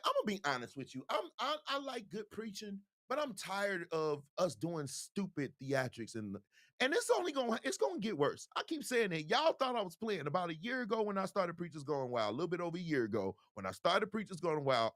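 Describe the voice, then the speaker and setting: Man, show host, lively swooping voice, fairly high, dry close sound. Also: no room sound. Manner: animated, talks straight to viewers. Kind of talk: casual video commentary.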